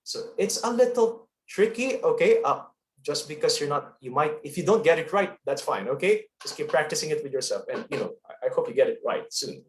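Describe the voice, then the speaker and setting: A man's voice: a little high, lively intonation, a little fast, hardly any pauses, roomy sound. A man with a Filipino accent and a trained broadcast voice, leading an online lesson on public speaking and checking in often with "okay?". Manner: coaching, checks in with frequent "okay?".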